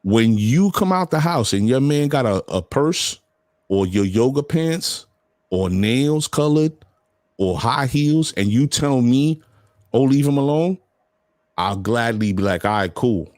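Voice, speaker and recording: A man's voice: mid-range voice, a little slow, dry recording, studio quality. A man hosting a casual podcast chat, talking bluntly and animatedly. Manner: blunt, animated storytelling with profanity. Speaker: podcast host.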